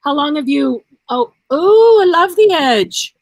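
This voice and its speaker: A woman's voice: sits high, lively intonation, a little slow, no echo. A woman co-hosting a casual video chat, eagerly prompting the others with questions. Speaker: co-host of a craft video chat. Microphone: video call.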